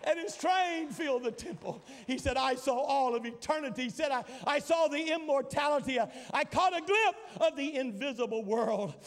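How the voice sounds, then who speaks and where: A man in his sixties preaching a sermon as pastor, building his lines into dramatic shouted repetitions. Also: very high voice, normal speed, few pauses. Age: 60s. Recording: long hall reverb.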